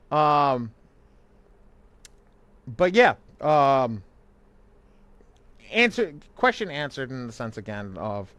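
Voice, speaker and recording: This man's voice is on the high side with a fairly bright tone. He co-hosts a live online money class as a credit coach, talking in a loose, rambling way full of restarts and quick laughter.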